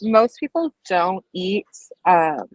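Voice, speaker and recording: She speaks slowly in a fairly low, sing-song voice while co-hosting an informal live stream. As a dietetics student, she spins chatty, meandering tales full of fillers, frequent "like"s, and restarts. No room sound comes through, but the recording is rough.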